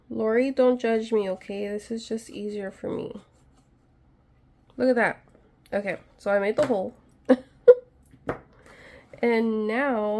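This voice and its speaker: Gravelly-voiced woman chatting through a craft project. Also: on the high side, darkish tone. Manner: chatty, nervous, self-deprecating, talks to viewers while working. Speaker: craft vlogger. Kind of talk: casual DIY tutorial chat.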